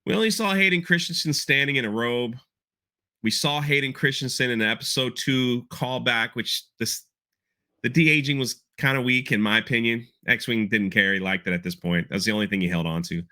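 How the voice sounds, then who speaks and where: Bright-voiced man chatting casually. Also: mid-range voice, normal speed. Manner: rambling, repeats words, quotes lines with feeling. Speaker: podcast host breaking down an episode. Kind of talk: casual chat.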